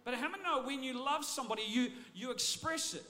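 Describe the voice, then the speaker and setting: High voiced pastor guy preaching, energetic, keeps repeating words as he restarts. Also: quick pace. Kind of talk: sermon.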